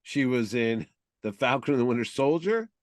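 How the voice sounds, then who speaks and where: Rambling, animated male podcast co-host. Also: medium pitch, normal speed, no echo, studio quality. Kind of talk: casual chat.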